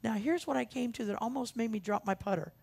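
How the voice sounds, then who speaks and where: A woman's voice: fairly high pitch, fast talker, vocal fry, a little mellow, a little hiss or hum. A woman minister preaching a sermon in an earnest, emphatic way, repeating her key phrases for weight. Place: church sanctuary.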